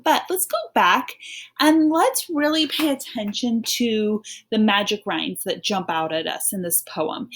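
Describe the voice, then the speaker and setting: A woman teaching an online phonics lesson, reading a poem aloud and guiding children through it in a patient, encouraging way. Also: medium pitch.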